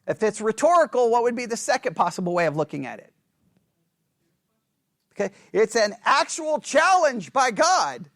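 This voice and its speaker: A man's voice: very high-pitched, sing-song, moderate pace, fairly bright tone. A man teaching a conversational Bible study who asks his class questions and acts out quoted lines.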